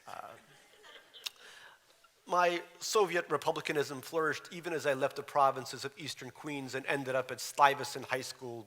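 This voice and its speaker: A man's voice: mid-range voice, pushed and bright. A man in his forties, born in Russia, reading aloud from his memoir with wry, dry humor. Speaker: author. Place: lecture hall. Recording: reverberant lecture hall.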